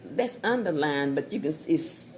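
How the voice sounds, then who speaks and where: A woman chatting casually as she pitches her Spanish dictionary, repeating words and laughing at her own jokes. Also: expressive, moderate pace, darkish tone. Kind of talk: casual sales chat with jokes. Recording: crowd noise behind.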